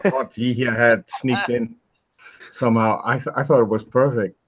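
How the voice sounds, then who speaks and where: A man's voice: mid-range voice, steady tone, normal speed, highs cut off. A man chatting on a video call, hesitant and stammering as he starts sentences. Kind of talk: casual chat on a video call.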